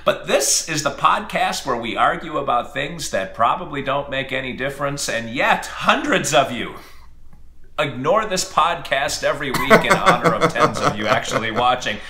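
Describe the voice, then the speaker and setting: Bright, lively man in a roomy space. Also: mid-range voice, moderate pace. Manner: jokey, self-deprecating, laughs often. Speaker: podcast co-host. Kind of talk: casual comedic podcast banter. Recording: roomy echo.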